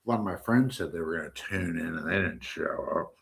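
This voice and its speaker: A man's voice: low voice, expressive, fairly quick, vocal fry, slightly rough. An American man hosting a live stream, rambling and joking in a loose, unfiltered monologue.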